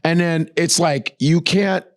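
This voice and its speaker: A man guest comedian riffing on a podcast, animated and profane. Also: a little high, slow.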